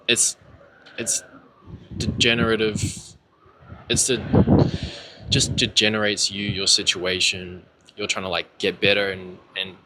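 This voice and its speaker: A man's voice: on the low side, sharp tone, slight background noise. A young man telling his own story in a casual, rambling way, candid, with lots of fillers and swearing.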